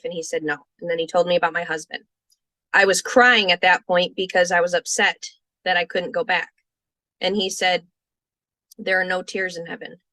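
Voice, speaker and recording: A young woman speaks with a bright, tense edge in an earnest, halting way. She pauses and restarts as she quotes her own thoughts. The recording is dry and close, with no room sound. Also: medium pitch, dry recording. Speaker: podcast guest telling her near-death experience. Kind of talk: personal storytelling interview.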